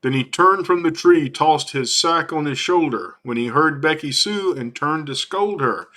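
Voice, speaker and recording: Male storyteller, folksy and playful, unhurried delivery with a bright tone. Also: on the high side. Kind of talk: reading a rhyming Christmas story aloud.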